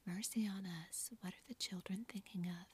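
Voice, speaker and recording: In a whispered role-play, a woman with a husky, mid-range voice plays a blunt, tomboyish young woman who lectures. Her intonation stays fairly even, and the delivery is brisk and scolding.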